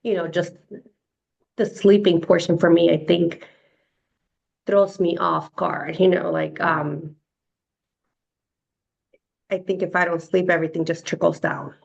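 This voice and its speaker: A woman speaking on a video call in a hesitant, halting way, full of fillers. Her voice is low and gravelly. The call audio sounds dull and lo-fi. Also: fairly even intonation, darkish tone. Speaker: session participant. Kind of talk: casual talk on a video call.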